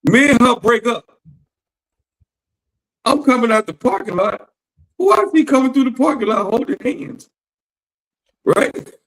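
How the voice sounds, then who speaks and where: A man's voice: very high voice, expressive, measured pace, long pauses, fairly bright tone, low-quality recording. A man in a casual podcast chat, animatedly telling an indignant story about a friend who betrayed him.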